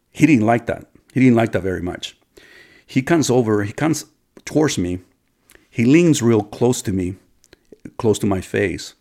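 A man's voice: fairly low pitch, creaky, a little mellow. A man telling a personal story to his viewers in a rambling, casual way, with many restarts and occasional swearing.

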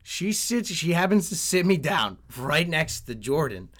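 Young man, casual podcast chat, swears a lot, animated, slightly high pitch. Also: a little slow. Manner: profane, animated, laughing storyteller.

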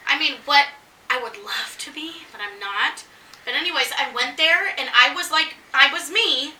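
A woman's voice: high voice, normal speed, far from the mic, slight background noise. A woman chatting casually and telling a long story, acting out what people said. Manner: animated storyteller acting out quotes. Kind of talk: casual chat. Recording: echoey room, voice off-mic.

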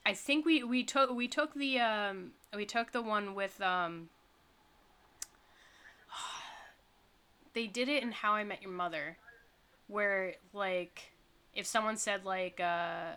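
A woman co-hosting a casual podcast who speaks haltingly and often restarts her sentences. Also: medium pitch, pushed and bright, clear, resonant tone. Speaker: podcast co-host. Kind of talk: casual chat.

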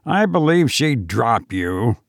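A man's voice: mid-range voice, sing-song, takes it slowly, creaky, dry recording, studio quality, heavily acted. A man voicing a broke young schemer with a light, mocking manner.

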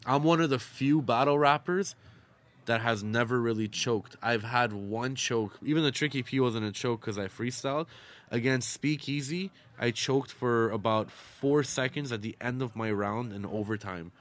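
A man's voice: medium pitch, normal speed. A man, a battle rapper, tells crude, boastful stories in casual chat at a bar. He swears freely and laughs often.

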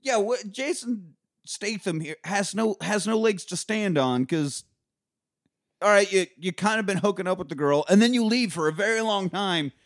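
A man's voice: high voice, moderate pace, no room sound, clean studio sound. A man co-hosting a podcast in casual chat, retelling a movie with profanity, frequent laughter and acted-out lines. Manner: profane, animated, laughs often, acts out characters' lines. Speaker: podcast co-host.

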